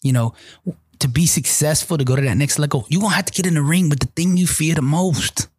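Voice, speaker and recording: Male motivational speaker, husky timbre, dry recording; animated, repetitive testimony delivery. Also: a little high, quick pace, no echo. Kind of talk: conversational storytelling testimony.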